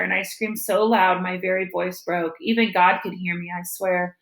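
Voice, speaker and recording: A woman teacher reading a novel aloud to her students with gentle storytelling. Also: mid-range voice, flat delivery, moderate pace, reverberant, low-quality recording.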